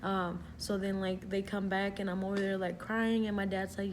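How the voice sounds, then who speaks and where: A woman's voice: mid-range voice, flat delivery, moderate pace, slight background noise. A young adult woman vlogging, telling a story in a casual, chatty way, swearing freely and saying "like" a lot.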